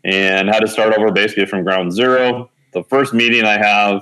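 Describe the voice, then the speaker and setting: A man in his forties shares a personal story in an interview, his slightly low voice rising sharply whenever he acts out what others said. His telling is loose and chatty, peppered with "uh," "you know," and frequent self-corrections. The audio is poor.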